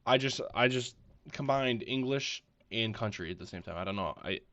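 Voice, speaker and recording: A man's voice: medium pitch, moderate pace, fairly bright tone. Stuffy-nosed man rambling on a podcast. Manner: rambling, self-deprecating, repeats himself. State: stuffy, congested nose. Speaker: podcast host. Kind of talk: casual solo sports-betting chat. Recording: slightly dull lo-fi audio.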